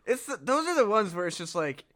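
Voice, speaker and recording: A man's voice: sits high, very animated, fairly quick, pushed and bright. A man co-hosting a comedy podcast, chatting casually, swearing a lot and laughing at his own jokes. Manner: profane, joking, laughs often. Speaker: podcast co-host. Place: Midwest US.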